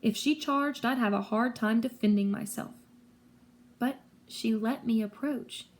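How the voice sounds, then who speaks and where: A woman narrates a story in the first person. Her voice sits a bit high and stays steady. She tells it with lively pacing. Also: unhurried. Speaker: audiobook reader.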